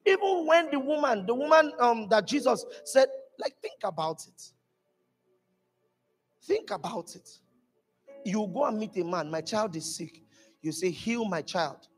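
A male pastor preaches with a high, very lively voice that swings up and down. His delivery is emphatic and animated, climbing to shouted peaks. He was recorded live in a church hall with long reverb and faint music behind him. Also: unhurried, long pauses, slightly rough. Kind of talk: sermon.

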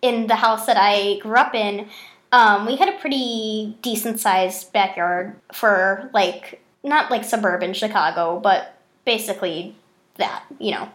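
A young woman telling stories in a casual podcast chat, animated and swearing freely. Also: mid-range voice, measured pace. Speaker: podcast host.

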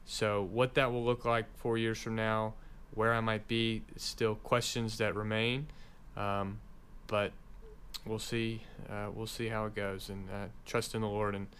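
A young man who is a seminary student, speaking in an earnest, deliberate and devout way about his calling. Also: fairly low pitch, level tone, fairly bright tone, slight background noise. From Alabama, USA. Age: young adult. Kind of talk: casual interview chat.

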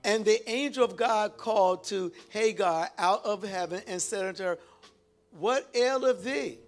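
A man's voice: high voice, a little slow, soft background music. A man preaching a sermon, reading scripture and calling out to the congregation for responses. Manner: exhorting, calls out to the congregation.

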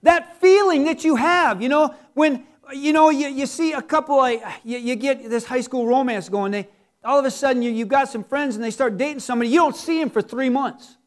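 A middle-aged man delivers a sermon with an unusually high voice. He talks in a loose, conversational way, cracking jokes and asking the congregation one rhetorical question after another. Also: a little fast. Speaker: pastor.

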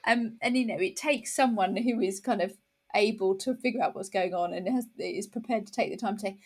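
A woman in casual conversation, talking thoughtfully with frequent restarts and pauses. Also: medium pitch, breathy edge.

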